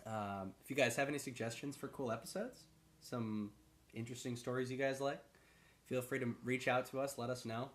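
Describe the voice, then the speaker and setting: A man co-hosting a podcast in relaxed, rambling casual chat, laughing easily. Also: mid-range voice, a little fast. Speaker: podcast co-host.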